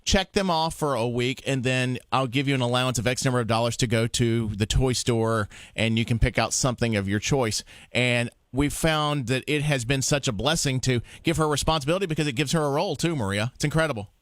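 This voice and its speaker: A man hosting morning news, talking in a chatty, halting way. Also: medium pitch, no room sound, clean studio sound. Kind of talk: casual chat.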